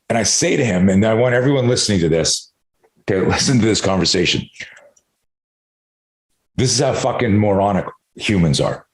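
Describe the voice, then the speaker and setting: Male interview guest, middle-aged, low voice, candid and animated storyteller, echoey room sound. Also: a little fast, pauses often. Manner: animated, swears freely, acts out his own inner dialogue. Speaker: self-defense expert guest.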